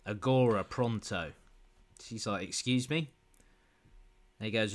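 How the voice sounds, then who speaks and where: A man co-hosting a casual chat, reading lines out deadpan and amused. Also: lowish voice, measured pace. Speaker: podcast co-host.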